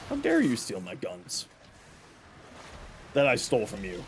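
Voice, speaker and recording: A man's voice: fairly high pitch, wildly swooping pitch, normal speed, a little hiss or hum. A man streaming a video game, chatting casually and explaining tips to his viewers. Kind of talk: casual gameplay commentary.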